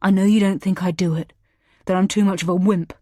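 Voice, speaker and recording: A woman's voice: medium pitch, steady tone, brisk, dark tone, no echo, clean studio sound, close to an everyday voice. A woman reading a young man's lines, bitter, accusing and tearful. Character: young man, desperate, furious and grieving.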